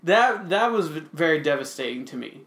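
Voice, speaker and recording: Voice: mid-range voice, big pitch swings, brisk, fairly bright tone. A podcast co-host in loose, profane casual chat, laughing often and talking bluntly. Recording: roomy echo.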